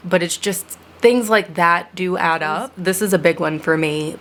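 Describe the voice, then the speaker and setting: A young woman talking to her channel's viewers in a reflective personal vlog, earnest and with sarcastic asides. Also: on the low side. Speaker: vlogger.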